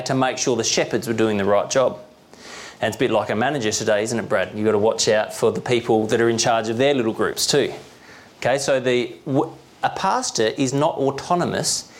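A young man preaching a sermon as pastor, explaining plainly in a conversational way, often checking in with the congregation and chuckling now and then. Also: medium pitch. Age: young adult.

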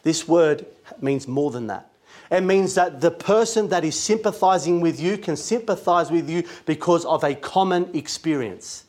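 A man's voice: a little high, expressive, moderate pace, a little mellow. A man preaching a sermon, earnest and emphatic, weaving scripture into his talk.

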